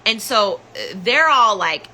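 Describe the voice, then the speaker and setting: A woman's voice: medium pitch, expressive, takes it slowly, bright, forceful tone, a little hiss or hum, poor audio. A woman hosting a podcast, telling a personal story in an urgent, candid way with many restarts. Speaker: podcast host telling her own story.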